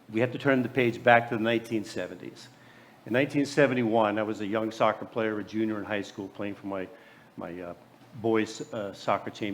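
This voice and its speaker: An American man in his late sixties from New Jersey, telling personal stories in a keynote speech, often stumbling and repeating words. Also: fairly low pitch. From USA. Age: 60s. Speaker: keynote speaker.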